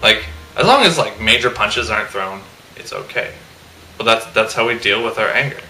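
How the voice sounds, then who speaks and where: A man's voice: on the low side, lively intonation, normal speed, bright, forceful tone, echoey room, soft background music, poor audio. A young man on a casual panel, giving jokey, rambling explanations about how guys think. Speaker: panel member. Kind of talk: casual opinion chat.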